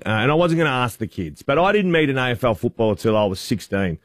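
Male breakfast host, mid-pitched, loose and self-deprecating. Dry studio mic. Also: sing-song, quick pace, a bit bright, no echo. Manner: chatty, self-mocking storyteller. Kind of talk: casual on-air banter and storytelling. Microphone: studio microphone.

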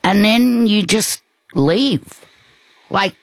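A woman's voice: mid-range voice, drawn-out words, dry recording. A woman in conversation, telling a personal story in a rambling, hesitant way with many restarts. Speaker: guest.

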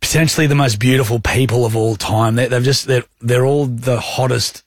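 A man's voice: medium pitch, steady tone, moderate pace, slightly rough, dry recording, studio quality. A man in his thirties with an Australian accent, co-hosting a radio show and telling a self-mocking anecdote. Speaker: radio co-host. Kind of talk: casual breakfast-radio banter, storytelling. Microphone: studio microphone.

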